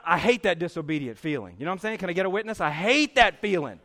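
A middle-aged male preacher with a high, gravelly voice delivers a sermon. He tells his story with lively acted-out moments and bursts of shouting. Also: very fast. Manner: animated storytelling, acting out scenes with shouts. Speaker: pastor.

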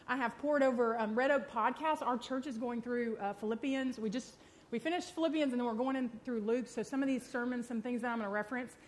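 Female church speaker, fast self-deprecating sermon delivery, slightly high voice. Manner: quick, chatty and self-deprecating. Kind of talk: sermon teaching with prayer.

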